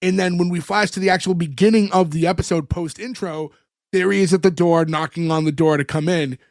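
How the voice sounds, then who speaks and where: A man's voice: sits high, fairly quick, no room sound, studio quality. A man co-hosting a podcast, casually retelling a sitcom episode scene by scene with fillers and small chuckles. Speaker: podcast co-host. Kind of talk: casual chat recapping an episode.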